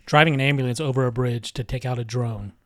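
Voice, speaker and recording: A man's voice: mid-range voice, steady tone, quick pace, no room sound, clean studio sound. A man who is a podcast guest, chatting casually and complaining emphatically. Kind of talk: casual chat.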